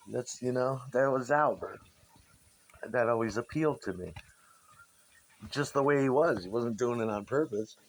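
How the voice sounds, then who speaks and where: Here a man of medium pitch speaks a little slowly, leaving long pauses. He reminisces about his old bandmates in a rambling, profane way, restarting his sentences often.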